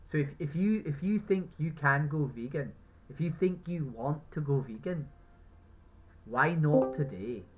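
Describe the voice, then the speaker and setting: A man's voice: fairly high pitch, expressive, a little slow, muffled recording. A man with an Irish accent, a street activist talking someone round, emphatic and profane, who keeps asking "right?". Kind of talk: persuasive street conversation.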